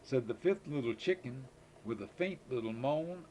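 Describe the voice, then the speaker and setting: A man's voice: medium pitch, expressive, moderate pace, darkish tone, a little hiss or hum. An older man, a grandfather, reading children's poems aloud in a sing-song way, now and then slipping and rereading a line.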